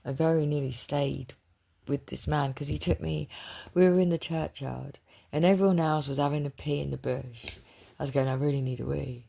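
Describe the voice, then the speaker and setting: Woman, gravelly fry-laden voice, husky, rambling confiding storyteller. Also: deep voice, steady tone, moderate pace, warm tone. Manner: chatty, digressive, confiding. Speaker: spiritual reader.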